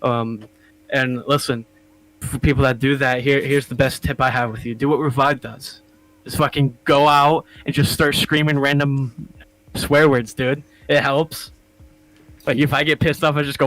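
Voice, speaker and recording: A man's voice: medium pitch, fairly even intonation, moderate pace, fairly bright tone, poor audio. Loose, profane young man chatting. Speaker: podcast co-host. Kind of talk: casual chat.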